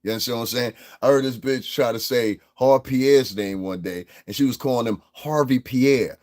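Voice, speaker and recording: A man's voice: mid-range voice, moderate pace, darkish tone. A man, hosting a livestream and delivering a heated, profane, combative rant at his chat. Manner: brash, profane and combative, with laughs. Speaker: livestream host.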